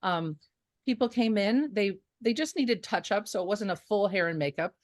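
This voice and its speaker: On a dry, clean studio recording, a female photographer being interviewed on a show speaks at normal speed in a mid-range voice. Her storytelling is relaxed and lively, peppered with fillers and false starts.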